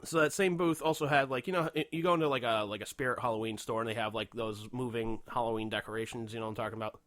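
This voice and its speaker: A man co-hosting a casual podcast, telling stories in an animated way with lots of swearing and laughter. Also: mid-range voice, fast talker, dry recording. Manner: animated storytelling, heavy swearing, frequent laughter. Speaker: podcast co-host. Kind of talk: casual chat.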